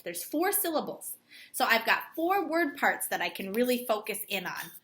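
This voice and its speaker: A woman teacher giving a distance-learning lesson to children, sounding out words slowly and clearly. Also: on the high side, very animated, fairly bright tone, slight background noise. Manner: slow, clearly stretched-out word sounding.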